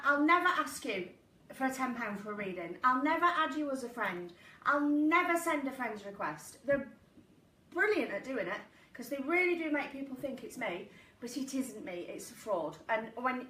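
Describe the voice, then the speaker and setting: High bright lady chatting and giggling on a live stream, echoey room, mic a bit far off. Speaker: psychic medium hosting a live stream. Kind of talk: casual live-stream chat. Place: home living room. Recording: echoey room, mic at a distance, faint noise.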